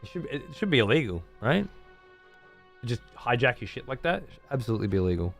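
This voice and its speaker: A man's voice: medium pitch, big pitch swings, quick pace, creaky, a bit bright, soft background music. A man streaming and chatting casually with his audience, blunt, rambling and full of swearing.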